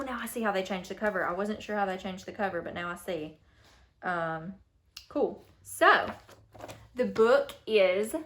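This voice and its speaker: A bubbly young woman talks casually through a book unboxing at home, her lively voice swinging widely in pitch. She gasps and squeals when something delights her. A faint hiss sits behind her. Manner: reads blurbs aloud. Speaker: book vlogger.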